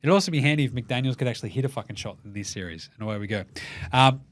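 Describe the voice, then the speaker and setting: A man's voice: medium pitch, lively intonation, racing, dry recording. A man with an Australian accent hosting a comedic sports show, swearing freely and acting out the people he talks about. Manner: swears freely, acts out quoted people mid-rant. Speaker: host.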